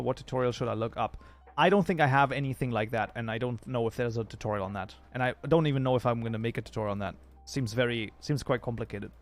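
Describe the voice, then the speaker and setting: Casual male livestream host at a desk mic, talkative and off-the-cuff, faint music behind. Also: mid-range voice. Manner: rambling, chatty, thinks aloud with fillers and restarts. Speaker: streamer reading chat. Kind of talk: casual livestream chat while modding a game.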